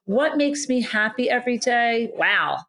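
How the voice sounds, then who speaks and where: A woman's voice: on the high side, animated, measured pace, fairly bright tone. A woman co-hosting a podcast, talking in earnest, reflective run-on thoughts in casual chat. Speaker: podcast co-host.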